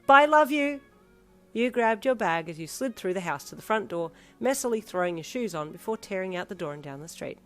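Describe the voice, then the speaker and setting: A woman's voice: lowish voice, fast talker, few pauses, soft background music. A woman narrating a fan fiction audiobook expressively in second person.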